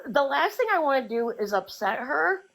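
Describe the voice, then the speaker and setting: Flustered apologetic woman, lively pitch. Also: moderate pace, gravelly, rough recording. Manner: flustered, apologetic, many fillers and restarts. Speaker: live stream guest. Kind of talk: casual group chat.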